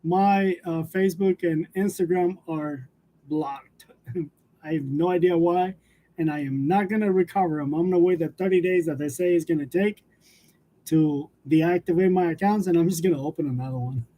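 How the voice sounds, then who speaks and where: A man's voice: on the high side, moderate pace, warm tone. A man hosting a casual live chat with his viewers, telling stories loosely and chuckling between nearly every sentence. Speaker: livestream host of a graphic design channel. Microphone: wireless lavalier.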